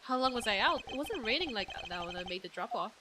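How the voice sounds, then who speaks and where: A woman voicing a composed young male prosecutor's inner monologue in calm, measured reading. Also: a little high, noisy background, close to an everyday voice. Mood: calm reflective.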